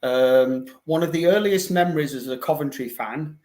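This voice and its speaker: An older man with a fairly high voice speaks as a guest in a casual fan chat. He talks in a hesitant, halting way, often pausing mid-thought. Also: darkish tone. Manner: hesitant, many fillers and restarts.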